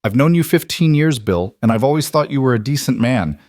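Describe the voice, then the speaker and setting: A man voicing a quiet cowboy who speaks in a calm, measured and firm way. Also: mid-range voice, dry recording, pitched above the performer's own voice, lightly acted.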